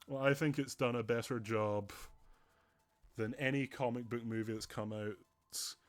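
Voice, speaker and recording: A male streamer talks through a just-chatting stream in an earnest, rambling way. He often stops mid-phrase and starts over. His voice sits at an ordinary middle pitch. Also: steady tone, normal speed.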